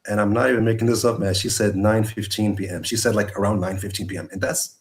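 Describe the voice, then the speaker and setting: A man telling his personal story as a guest over a video call, earnest and halting, with many restarts. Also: fairly low pitch, steady tone. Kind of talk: personal testimony.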